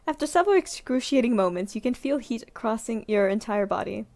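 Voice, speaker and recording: A young woman streamer reading a visual novel aloud, giggling and reacting with animated outbursts. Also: on the high side, a little fast. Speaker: gaming streamer.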